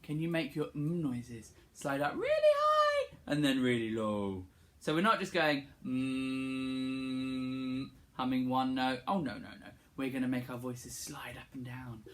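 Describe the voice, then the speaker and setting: A music teacher leading young children through a playful singing warm-up, encouraging them and demonstrating the sounds to copy. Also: medium pitch, big pitch swings, moderate pace.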